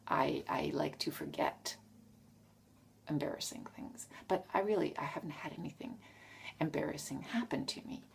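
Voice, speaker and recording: Frank, rambling woman vlogger; low voice, plenty of fry. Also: wildly swooping pitch, moderate pace, slight background noise. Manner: frank, self-correcting, trails off. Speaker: vlogger answering tag questions. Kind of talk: casual rambling monologue.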